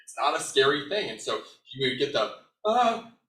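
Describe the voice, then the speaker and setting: A man in his thirties giving a conversational presentation as an educator, animated and sprinkled with "like.". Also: medium pitch, fairly quick, a little hiss or hum. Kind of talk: conference presentation. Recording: echoey room, mic at a distance.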